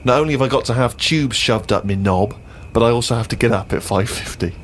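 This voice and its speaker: A man's voice: mid-range voice, fast talker, slight background noise. A man hosting a podcast, teasing his guest and reading a diary aloud in a mock-serious way. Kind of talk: mocking podcast banter and reading.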